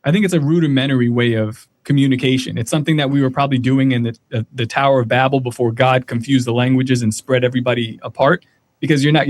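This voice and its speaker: A man's voice: medium pitch, a little mellow, dry recording. A man guesting on a podcast over a remote connection, talking in a rambling, reflective way full of fillers. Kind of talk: casual podcast chat. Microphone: remote call connection.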